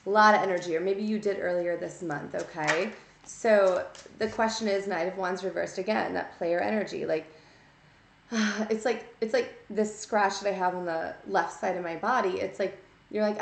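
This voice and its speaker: A woman's voice: mid-range voice, normal speed, gravelly. A woman giving a casual tarot reading, blunt and chatty, scolding her listeners and checking in with "okay?". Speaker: tarot reader. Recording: echoey room.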